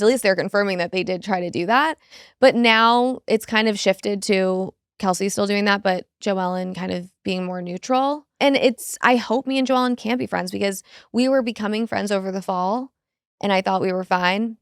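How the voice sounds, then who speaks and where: A woman's voice: mid-range voice, normal speed, smooth, dry recording, studio quality. A woman from Massachusetts, a reality TV cast member, chatting casually as a podcast guest in a playful, filler-heavy valley-girl lilt. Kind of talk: casual chat. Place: studio couch.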